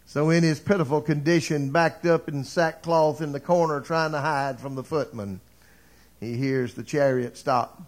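A man's voice: medium pitch, steady tone, moderate pace. A male preacher delivering a sermon, retelling a story dramatically and building to fervent appeals to the congregation.

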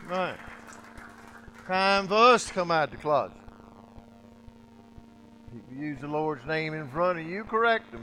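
A man preaching a sermon, emphatic and repetitive, his loudness dropping low and swelling back up. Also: big pitch swings, a little slow, pauses often, slight background noise, low-quality recording. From United States.

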